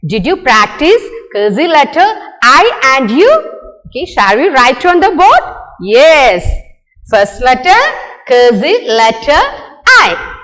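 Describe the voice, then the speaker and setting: Woman teacher, high animated sing-song voice, slow and coaxing, echoing hall sound. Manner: sing-song, coaxing, answers own questions. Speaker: kindergarten teacher. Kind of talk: online lesson for young children.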